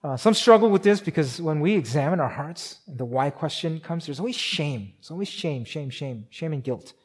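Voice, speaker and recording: Fairly high-pitched, animated, and slightly rough, a pastor preaches his sermon conversationally with frequent restarts and fillers. He gets louder to emphasize and slows down softly for key points.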